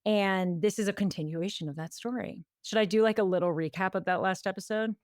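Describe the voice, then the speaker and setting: A woman's voice: mid-range voice, brisk, no echo, studio quality. A woman co-hosting a podcast, casually recapping a story in a chatty way, full of "like" and quoted asides. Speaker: podcast co-host.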